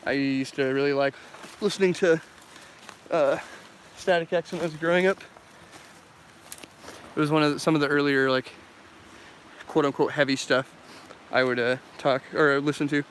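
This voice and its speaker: Laid-back young man with a bright voice. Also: a little high, steady tone, normal speed, pauses often, slight background noise. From United States. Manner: laid-back, swears often, laughs a lot. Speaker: vlogger answering live chat. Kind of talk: casual live-stream chat while walking. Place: outdoors in a forest by a loud river.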